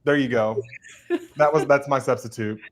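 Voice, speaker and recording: A man's voice: mid-range voice, steady tone, normal speed. A man hosting a casual writing livestream, chatty and giggling often. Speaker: livestream host and writer.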